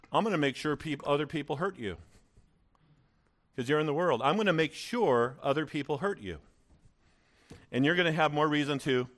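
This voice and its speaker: A man's voice: a little high, a bit bright. A man preaching in the voice of a sly male devil who tempts believers, taunting and repeating himself. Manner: taunting, repetitive.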